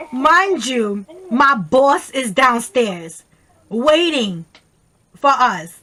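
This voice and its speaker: High, bright-voiced New woman vlogger. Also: slow. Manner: animated and profane, with slangy quoted voices. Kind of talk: casual storytelling on camera.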